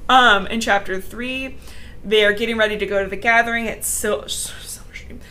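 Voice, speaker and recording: A woman's voice: mid-range voice, steady tone, moderate pace, sharp tone. A young woman co-hosting a podcast, recapping a book in casual chat, laughing often and swearing casually.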